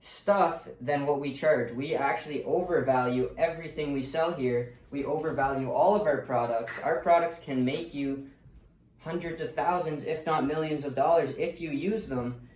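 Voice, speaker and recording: A man's voice: on the high side, normal speed, darkish tone. A man giving a casual, blunt sales lesson who swears freely and tells stories from his own calls. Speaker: sales coach. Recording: roomy, distant mic, faint noise.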